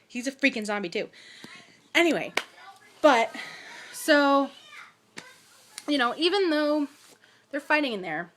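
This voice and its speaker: A woman's voice: high voice, big pitch swings, a little slow, long pauses, fairly bright tone, a little hiss or hum. A young woman vlogger giving a chatty, ranting movie review, full of fillers and asides. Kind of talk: casual movie review rant.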